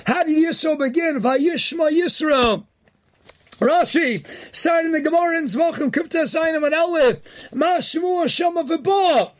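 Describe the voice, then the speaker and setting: A man with a strikingly high voice hosts a daily inspirational talk, mixing jokes with Torah teaching. His delivery is animated, and he punches his main points with near-shouts. He peppers his English with Yeshivish Hebrew terms. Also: normal speed.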